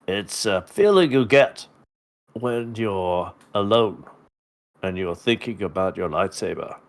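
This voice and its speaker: A solemn, slightly creepy old Jedi master, as a man puts him on in a joking imitation, speaking in a slow, intoning manner with a put-on refined British accent. The voice sits low and draws its words out, with lines delivered close and loud. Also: animated.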